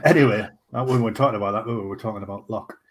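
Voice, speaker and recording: A man chats as a podcast co-host, blunt and quick to joke. He drops the odd swear word without any fuss. His delivery is loose and conversational. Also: lowish voice. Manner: blunt, banter-heavy, swears casually. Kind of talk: casual chat.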